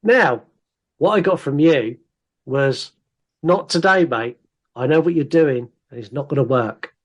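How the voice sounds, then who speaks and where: Male podcast co-host, slightly high voice, lively and teasing. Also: measured pace. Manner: animated, reads listener comments aloud with put-on voices. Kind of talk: casual chat.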